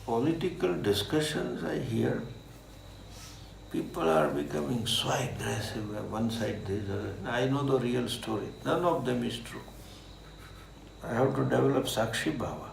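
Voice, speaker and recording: A man with an Indian accent, a swami answering questions in a slow, animated talk with laughing asides. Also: mid-range voice, vocal fry, noisy background. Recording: echoey room with faint ambience.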